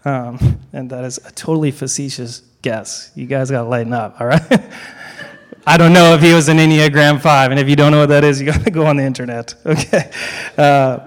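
A man's voice: mid-range voice, fairly even intonation. Emphatic male preacher in a reverberant hall. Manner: emphatic, repeats key lines with dramatic pauses; joking asides to the congregation. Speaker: guest preacher. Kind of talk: sermon.

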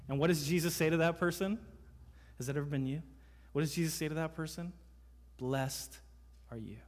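A man preaching a sermon as pastor in a church, emphatic, asking the congregation one rhetorical question after another. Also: mid-range voice. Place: church sanctuary. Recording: reverberant hall sound.

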